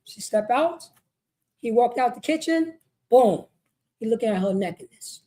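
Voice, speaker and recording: A woman's voice: fairly high pitch, expressive, measured pace, warm tone. A woman teaching a religious law class in an emphatic, repetitive street-style sermon, often asking "you know what I mean". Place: meeting hall.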